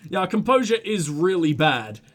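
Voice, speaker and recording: A man hosting a let's play of a detective game, excitable, swearing and laughing as he reads dialogue aloud. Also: high voice, moderate pace. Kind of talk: gaming commentary and reading dialogue aloud.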